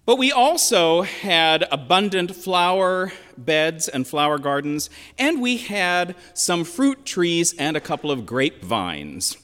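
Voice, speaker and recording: A man in his sixties from western Pennsylvania, preaching a sermon as a pastor in a reflective, measured storytelling manner with emphatic quotations. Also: fairly high pitch, sing-song, a bit bright. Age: 60s. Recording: long reverb of a large hall.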